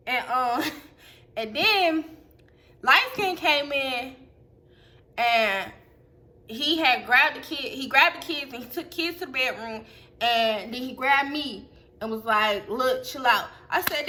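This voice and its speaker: A woman telling a profane, animated storytime to her camera in a casual vlog. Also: high voice, measured pace. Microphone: phone or webcam.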